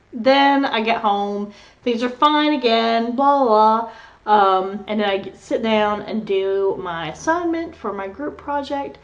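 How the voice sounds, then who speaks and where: A woman's voice: a little high, lo-fi sound. A young adult woman vlogging, telling a rambling story in casual chat and laughing as she goes. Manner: candid, rambling, laughs through her story.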